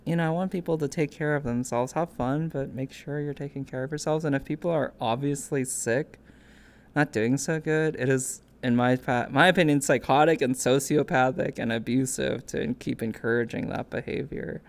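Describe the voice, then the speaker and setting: A young woman streamer talking casually, animated and laughing, who now and then squeaks into quoted voices. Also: normal speed. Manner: animated storyteller, laughs often, jumps to squeaky voices when quoting. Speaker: interviewer, streamer.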